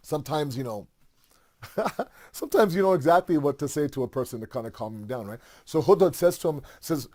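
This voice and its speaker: A man's voice: fairly high pitch, lively intonation, a little fast, a little mellow. Man, religious storyteller, casual talk, lots of asides and fillers. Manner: conversational, full of fillers and asides.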